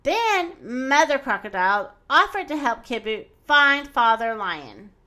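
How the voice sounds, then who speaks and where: Slow, animated woman storyteller. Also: sits high. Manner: expressive, animated read-aloud. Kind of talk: children's storybook reading.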